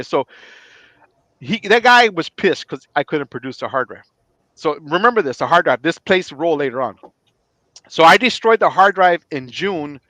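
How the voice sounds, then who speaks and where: Animated middle-aged man telling a story. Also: a little high, no echo. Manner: animated, acts out quoted dialogue. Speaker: retired police chief, guest. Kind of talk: casual podcast storytelling.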